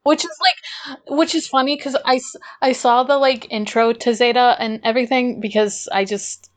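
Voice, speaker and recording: A young woman co-hosting a podcast, chatting casually and excitedly, gushing and swearing freely. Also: a little high, moderate pace. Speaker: podcast co-host. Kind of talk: casual chat.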